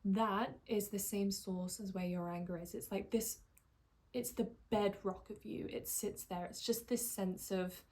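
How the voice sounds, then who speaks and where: Speaking at a medium pitch, this woman is a life coach whose monologue is calm and reflective. She eases her pace and softens her tone whenever she wants to emphasize a point.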